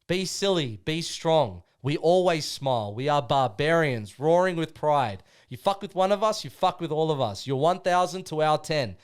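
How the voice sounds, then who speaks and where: A man's voice: fairly high pitch, lively intonation, moderate pace, hardly any pauses, smooth, pitched above the performer's own voice, natural voice. A man with an Australian accent voicing a pack of wild, laughing male spirit brothers who taunt and cheer him on. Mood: rallying. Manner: loud, cackling, taunting encouragement.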